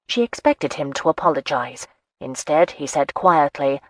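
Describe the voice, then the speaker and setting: A woman narrating a romance audiobook in a steady, even storytelling manner. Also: low voice, normal speed, no echo. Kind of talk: scripted narration.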